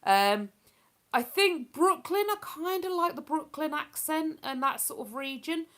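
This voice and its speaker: A woman's high, expressive voice comes through slowly and a little brightly. She's live streaming, casually reading out viewer messages, rambling and laughing along the way.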